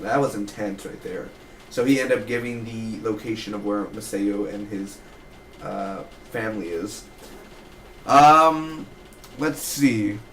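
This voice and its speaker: Excitable man rambling through a review. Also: lowish voice, slight background noise. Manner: excitable, rambling, quick recaps with fillers. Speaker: TV episode reviewer. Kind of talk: casual spoken review.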